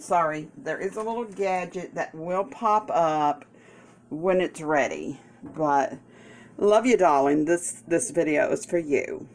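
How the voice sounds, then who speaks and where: Playful low-voiced woman cooking at home. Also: slight background noise. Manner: playful, doting, full of delighted exclamations. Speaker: home cook vlogger. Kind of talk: casual cooking vlog. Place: home kitchen.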